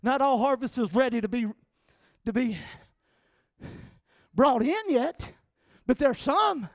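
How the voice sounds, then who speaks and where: Southern male pastor, very high pitch, dry close mic, emphatic sermon delivery with shouted peaks. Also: expressive, takes it slowly, no room sound. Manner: emphatic, calls for amens, rising to shouts.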